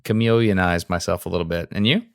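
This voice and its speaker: A man's voice: low voice, fairly even intonation, quick pace, creaky, clear, resonant tone, no echo, clean studio sound. A man with a Southern US accent co-hosting a podcast, talking in an earnest, self-deprecating way and laughing easily. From Alabama, US. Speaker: podcast co-host. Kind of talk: casual conversation.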